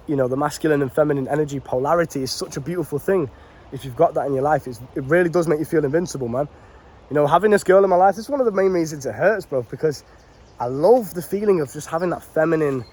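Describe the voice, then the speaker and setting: A man's voice: a little high, darkish tone. A man giving dating advice in a casual, unscripted rant, blunt and swearing freely, calling his listeners bro.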